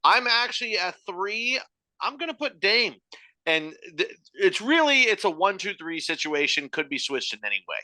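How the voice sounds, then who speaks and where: A young man co-hosting a podcast, his voice very bright and his pitch swinging widely. He talks in an animated, jokey way and swears freely. The sound is dry and close, with no room around it. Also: normal speed, no room sound. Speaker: podcast co-host. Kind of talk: casual chat.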